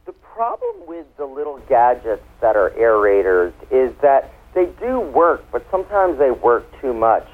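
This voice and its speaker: A man's voice: medium pitch, big pitch swings, moderate pace, hardly any pauses. A man, a wine expert guest, explaining things in a chatty, playful way during a casual radio interview. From United States. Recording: tinny phone line.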